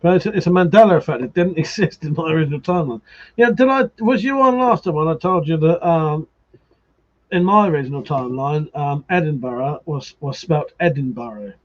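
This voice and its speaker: A man's voice: fairly high pitch, lively intonation, fairly quick, lo-fi sound. A man hosting a casual live stream, arguing animatedly, swearing freely and reading viewer comments aloud. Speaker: livestream host.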